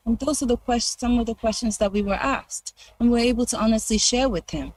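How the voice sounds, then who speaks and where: Woman telling an animated church testimony. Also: on the high side, a little fast, few pauses, no echo, poor audio. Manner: animated when quoting others, hesitant fillers. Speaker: presenter sharing ministry testimony. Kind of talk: conversational testimony.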